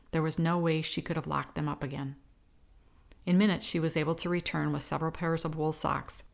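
A woman reading a novel aloud as audiobook narrator, in an even, measured way. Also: low-pitched. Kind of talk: scripted narration.

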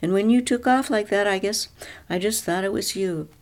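A woman's voice: medium pitch, moderate pace, natural voice. A woman reads a flustered man, earnest and sorry. The delivery stays plain and near the narrator's own voice. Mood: apologetic. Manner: apologetic, earnest. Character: flustered, apologetic grown man.

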